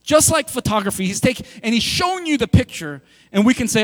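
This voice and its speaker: A man preaching a sermon in a lively, conversational way, acting out quoted dialogue as he talks to the congregation. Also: high voice, fast, hardly any pauses. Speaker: pastor. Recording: long hall reverb.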